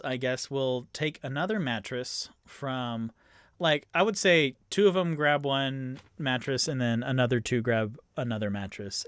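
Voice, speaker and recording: A man's voice: medium pitch, a bit bright, dry recording. A man narrating a solo tabletop game as game master, in a casual, meandering way with many fillers and self-corrections.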